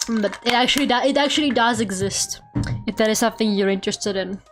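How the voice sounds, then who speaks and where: A woman's voice: a little high, quick pace, faint music behind. A woman streamer chatting casually while she draws, laughing often and swearing offhandedly. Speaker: VTuber streamer.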